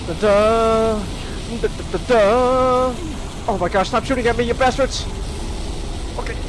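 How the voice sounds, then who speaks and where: A man streaming a game in casual chat, excitable, exclaiming and stammering as he plays. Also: very high-pitched, measured pace, pauses often, heavy background noise.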